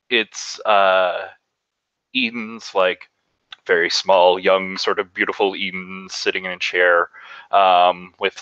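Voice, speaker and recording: A man's voice: low-pitched, bright, forceful tone, dry recording, lo-fi sound. A man narrating a scene as a player in a tabletop game, hesitant with many fillers.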